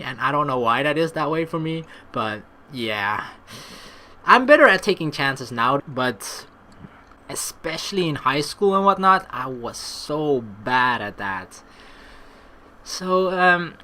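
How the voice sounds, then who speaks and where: A young man thinks aloud as he plays a story game, rambling and poking fun at himself. His voice rises and falls in a very lively way, and his tone is bright and forward. He often reads the game's chat lines aloud. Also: a little high. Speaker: let's play host. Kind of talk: casual game commentary.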